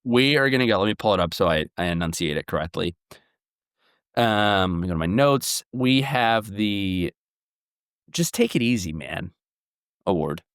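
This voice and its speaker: A young man co-hosting a casual sports podcast, talking in an excitable way that jumps into loud animated bursts. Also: fairly low pitch, moderate pace, long pauses, clear, resonant tone, dry recording, clean studio sound. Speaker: podcast co-host.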